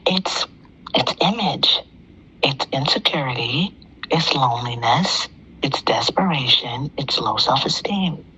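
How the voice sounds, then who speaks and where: A woman's voice: extremely low pitch, animated, measured pace, sharp tone, slight background noise, rough recording. A middle-aged woman calling in to a talk show, telling a personal story in an emphatic way and repeating phrases for effect. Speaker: caller.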